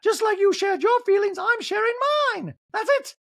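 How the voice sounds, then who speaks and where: A man putting on a shrill, wounded grown woman. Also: moderate pace, vocal fry. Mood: shrill pleading. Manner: very high, strained, pleading.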